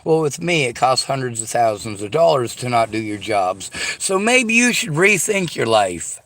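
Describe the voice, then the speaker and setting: A man's voice: mid-range voice, big pitch swings, normal speed, a bit bright, dry recording. A man delivering a sarcastic, profanity-laced rant straight to his audience. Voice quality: sarcastic, combative. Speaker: vlogger. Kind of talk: angry profane rant to camera.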